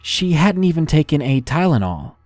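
A man reading a first-person horror story in a measured, dramatic narration style. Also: on the high side, sing-song, darkish tone, dry recording.

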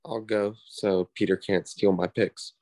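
A man's voice: on the low side, fairly even intonation, unhurried, darkish tone, dry recording. A man giving laid-back, brief answers as a guest on a casual football podcast.

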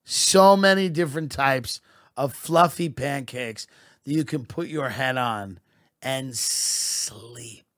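A man hosting a podcast, delivering a deadpan mock-patriotic comedy monologue. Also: medium pitch, slow, dry recording, studio quality. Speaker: podcast host.

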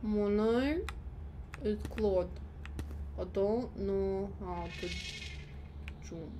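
A woman's voice: mid-range voice, extremely slow, background noise, voice pushed down. A woman voicing a dim male game sidekick who cannot jump, in a mocking, dopey sing-song.

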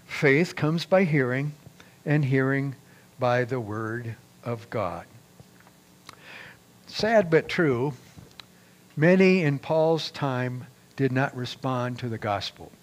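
A man preaching a sermon as pastor, reading scripture aloud with raised emphasis in a deliberate, measured way. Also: mid-range voice.

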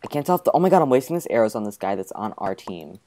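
A young man hosting a gaming video, chatting casually and excitably over gameplay with frequent exclamations. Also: lowish voice, very fast, a little hiss or hum. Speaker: gaming channel host.

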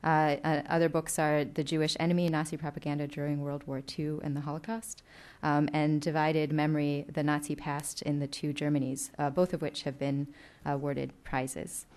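Woman moderator, reads speaker bios, frequent fillers, deep for a woman. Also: level tone, normal speed, darkish tone. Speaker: event moderator. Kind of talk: reading speaker introductions.

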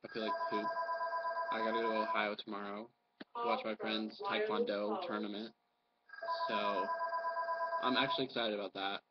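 A man's voice: fairly low pitch, little pitch movement, moderate pace, long pauses, a loud crowd. Man vlogging while sick with a cold; blunt, profane, rambling rant; muffled lo-fi recording. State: has a cold. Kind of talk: casual ranting vlog.

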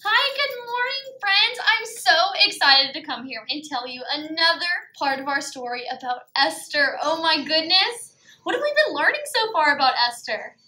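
A woman leads a children's Bible lesson in a bright, high, lively voice that swoops up and down. She talks in a sing-song way, gasping and exclaiming for preschoolers. The sound carries an echo from the room. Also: normal speed. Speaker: preschool teacher.

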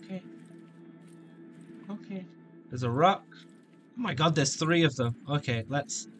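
A man giving let's play commentary on a shooter, jokey and taunting enemies with sudden shouts. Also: a little high, lively intonation, unhurried, soft background music. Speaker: gameplay commentator.

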